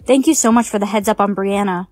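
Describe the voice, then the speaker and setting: A text-to-speech woman's voice reading a storytime script, voicing every role with even synthetic delivery. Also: medium pitch, quick pace, dry recording, faint music behind.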